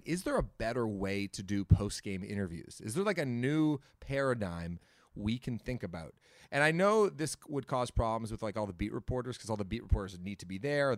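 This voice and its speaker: A man's voice: on the low side, dry recording, studio quality. A man hosting a casual podcast chat, rambling with many fillers and restarts. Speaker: podcast host.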